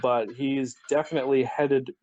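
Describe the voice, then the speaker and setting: A man's voice: mid-range voice, little pitch movement, moderate pace, a little mellow, no room sound. A man in a tabletop game session, explaining things in a hedging, roundabout way. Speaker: player. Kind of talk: casual tabletop game play. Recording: dry dull lo-fi microphone.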